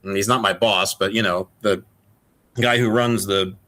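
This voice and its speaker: A man's voice: on the low side, steady tone, a little slow, sharp tone. A man co-hosting a casual podcast, rambling and swearing through exasperated rants. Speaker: podcast co-host.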